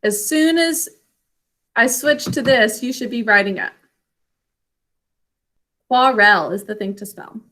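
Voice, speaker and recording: A woman teaching an online spelling lesson to children, speaking slowly and clearly. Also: on the high side, bright, forceful tone. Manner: slow, clear enunciation for children.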